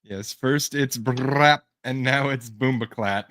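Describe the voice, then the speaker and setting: A man's voice: mid-range voice, takes it slowly, fairly bright tone, dry recording. A man co-hosting a casual podcast who teases his partner, laughs a lot and reacts with disbelief. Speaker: podcast co-host. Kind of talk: casual chat.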